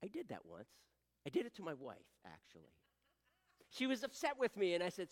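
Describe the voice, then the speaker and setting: A middle-aged man preaching a sermon as pastor, animated and swinging from quiet asides to loud emphatic pleading. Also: high-pitched, fairly quick. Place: church sanctuary. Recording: long hall reverb.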